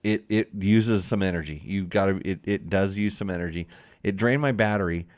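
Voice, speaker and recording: Rambling low-voiced male podcast host. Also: moderate pace. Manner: rambling, repeats words, laughs often. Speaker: show host. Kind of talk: casual podcast chat.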